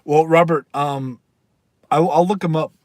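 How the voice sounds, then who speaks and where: A man's voice: a little high, fairly even intonation, a little slow, darkish tone, no echo. A man hosting a casual livestream, rambling and reading aloud while chatting with viewers and laughing often. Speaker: livestream host. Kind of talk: casual live-stream chat.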